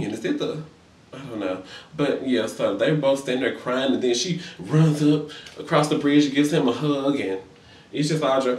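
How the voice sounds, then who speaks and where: A man giving a casual comedic recap of reality TV, sassy and profane, acting out the quotes in high voices. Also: moderate pace, darkish tone, distant mic. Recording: roomy echo, a bit off-mic.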